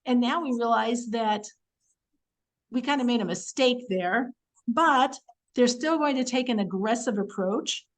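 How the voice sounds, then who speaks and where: A woman teaching the weekly Torah portion in a chatty, animated way, acting out quotes and using many fillers. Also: a little high, measured pace, rough recording.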